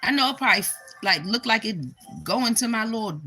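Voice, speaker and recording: A young woman, a spiritual vlogger, chats casually on a livestream and answers viewer comments bluntly and with plenty of profanity, sometimes bursting into loud exclamations. Her voice is mid-range and her pace is normal. The sound has no echo, with faint music in the background.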